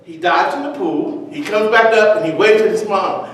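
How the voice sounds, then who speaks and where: Man, motivational speaker, high voice, storytelling with character voices; far-off mic in a very echoey hall. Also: normal speed, a bit bright, slight background noise. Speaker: speech contest speaker. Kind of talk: prepared motivational speech.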